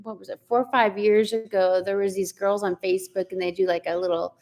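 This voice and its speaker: A woman's voice: medium pitch, little pitch movement, brisk, darkish tone. A woman in her forties hosting a casual live chat, talking chattily, laughing often and reading out viewer comments. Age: 40s. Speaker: livestream host.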